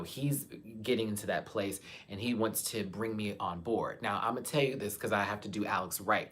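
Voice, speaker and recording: A young man from Texas, hosting a live chat and talking frankly to his viewers, his voice swinging between soft and loud. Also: on the low side. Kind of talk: candid live-stream talk to viewers.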